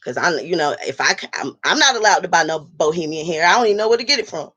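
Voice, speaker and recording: A woman's voice: lowish voice, lively intonation, quick pace, fairly bright tone, husky. A woman hosting a casual livestream and talking straight to her viewers. She is blunt and profane and speaks. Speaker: livestream host reading chat.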